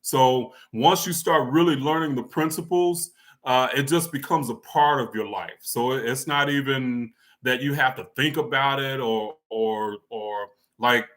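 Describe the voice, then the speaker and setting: A man's voice: mid-range voice, a little slow, a bit bright. A man hosting a live question session, casually greeting viewers by name and answering spiritual questions with many fillers and repeats. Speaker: livestream host answering questions.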